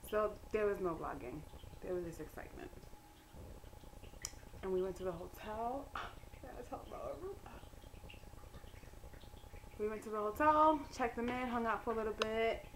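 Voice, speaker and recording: A young woman vlogger telling a story in a casual, animated way, laughing and acting out other people. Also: a little slow, pauses often, background noise. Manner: animated, breaks into laughter, acts out others in a high voice. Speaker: vlogger and graduate student.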